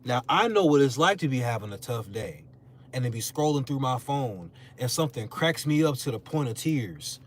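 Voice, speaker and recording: A young male content creator rants casually on a podcast, his medium-pitched voice moving at a moderate pace. He's animated and emphatic, full of slang, and mocks people by imitating their voices.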